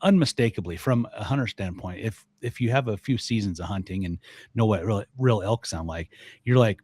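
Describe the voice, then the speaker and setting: An older man, a guest on a podcast, talking casually and lively, mimicking sounds as he explains. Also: fairly low pitch, a little fast, slightly rough. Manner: animated, mimics elk bugles and voices. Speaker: guest, elk calling expert.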